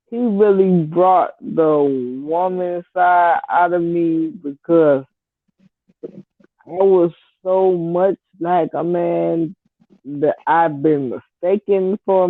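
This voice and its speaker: A vlogger from Detroit, Michigan, a woman in her thirties, speaks on the low side with a Detroit accent touched by the Southern US. Her storytelling is blunt and relaxed, and the tinny, phone-like recording is dry with no room sound.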